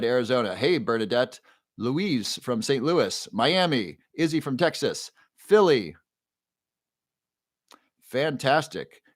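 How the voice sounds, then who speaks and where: A man of forty hosting a casual livestream, reading viewer comments aloud and greeting each by name in an upbeat way. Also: medium pitch. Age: 40s. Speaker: livestream host.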